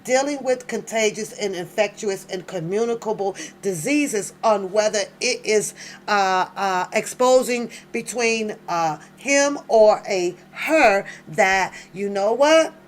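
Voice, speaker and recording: Woman w AAVE, slow-talking host, laughs a lot, bit of faint background noise. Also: medium pitch. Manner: animated, laughs often, exclaims to her audience. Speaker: reaction channel host. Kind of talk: casual reading and reaction commentary.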